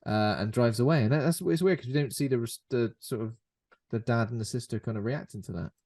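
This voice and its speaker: A British man co-hosting a podcast, chatting casually about a film and acting out characters in quick jokey bits. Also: mid-range voice, darkish tone. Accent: British English. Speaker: podcast co-host.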